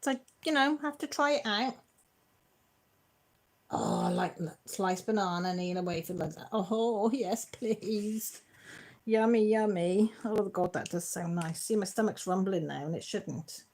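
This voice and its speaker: A woman from Britain hosting a casual live chat from home. She reads viewer comments aloud in a playful, easily excited way. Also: lowish voice. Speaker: livestream host.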